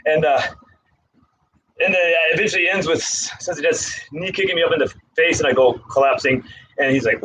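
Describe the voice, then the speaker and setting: Breathless man counting push-ups, high-pitched. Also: fairly quick, a bit bright, a little hiss or hum, poor audio. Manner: rambling, breathless counting between stories. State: out of breath from exercise. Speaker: karate instructor. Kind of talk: casual talk while doing push-ups.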